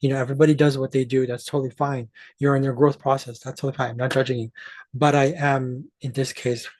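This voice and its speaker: A man's voice: medium pitch, level tone, fast, darkish tone, dry recording. A man hosting an astrology channel, ranting to his viewers in an emphatic, profane way and often restarting mid-sentence. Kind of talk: ranting monologue to camera.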